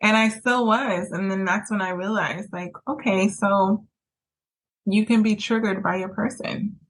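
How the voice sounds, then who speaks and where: A woman's voice: flat delivery, a little slow, poor audio. A woman hosting a podcast as a relationship coach, telling a personal story in a candid, rambling way with many fillers. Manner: jumps high into acted quotes.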